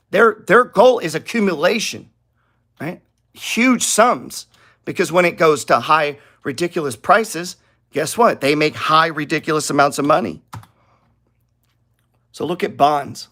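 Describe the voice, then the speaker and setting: A man's voice: fairly high pitch, lively intonation, a little slow, long pauses, pushed and bright. A middle-aged man hosting a casual stock trading talk to viewers, blunt and profane, rambling and getting heated. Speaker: stock trading channel host.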